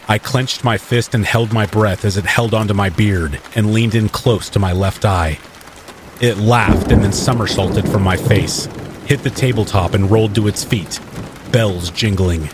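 Man, horror story narrator, measured dramatic delivery, low voice, faint rain in the background. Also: slight background noise.

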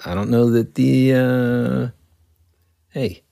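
A man co-hosting a podcast in casual chat, an animated storyteller who acts out the people he talks about. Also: medium pitch, slow pace, gravelly, dry recording, clean studio sound. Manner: animated storyteller, mimics people in raised voices. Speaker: podcast co-host.

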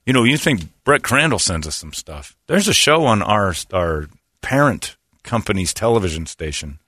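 On the low side and at a normal speed, this middle-aged host's voice comes through at studio quality with no echo. His casual studio banter features lively storytelling in which he performs the characters he describes.

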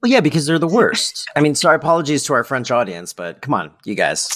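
A man's voice: medium pitch, sing-song, fairly bright tone. A man co-hosting a podcast in casual chat, teasing and joking playfully. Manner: playful, teasing, quick jokes. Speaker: podcast co-host.

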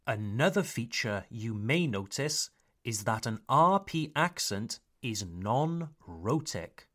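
A man from Wales hosts an English lesson, stretching out each example word with deliberate, careful pronunciation. His pitch swings widely as he teaches, and he never rushes. He slips into French now and then to explain a point. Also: sing-song, bright, forceful tone. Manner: slow, careful, exaggerated pronunciation of example words. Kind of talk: podcast lesson for learners.

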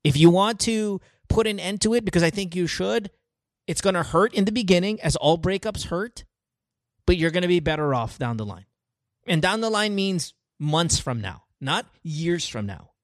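Guy hosting a call-in advice show, swears a lot, swingy lively voice, dry sound. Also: sits high, no room sound. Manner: profane, heated, quick to apologize. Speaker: podcast host giving advice to callers. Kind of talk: blunt advice talk.

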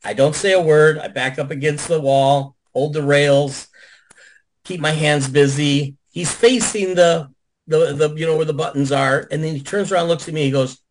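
A man, a guest on a video call show, telling stories in a lively, profane way and acting out what people said. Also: fairly high pitch, moderate pace, a little hiss or hum, low-quality recording. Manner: animated, profane, acts out quotes. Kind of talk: casual storytelling on a video call.

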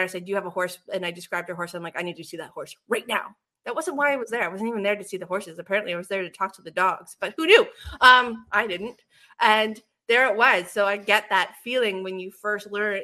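Bright-voiced woman telling animated stories. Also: medium pitch. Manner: animated storyteller, swings loud and soft. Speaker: co-host, animal communicator. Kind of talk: casual spiritual chat.

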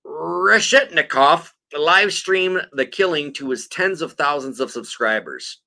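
A man co-hosting a podcast reads articles aloud while tipsy from a few beers, cracking jokes and cursing freely. His slightly high voice is expressive, creaky and sharp in tone, and he speaks a little slowly.

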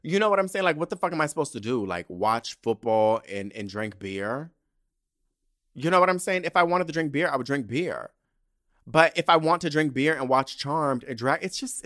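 A young man hosting his own podcast, ranting and telling stories in a sassy, profane, animated way. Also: medium pitch. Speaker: podcast host. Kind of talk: casual solo podcast rant.

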